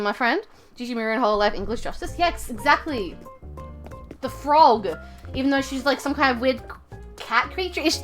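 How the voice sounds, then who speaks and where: Speaking in a high-pitched voice, this Australian woman rambles through a casual live stream chat, dropping lots of fillers and swearing frequently.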